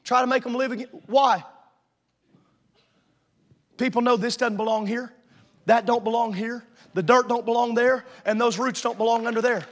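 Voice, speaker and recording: A man preaching a sermon in a church sanctuary before a congregation, fervent and rising to shouts, joking with the crowd between points. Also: very high-pitched, steady tone, normal speed, long pauses.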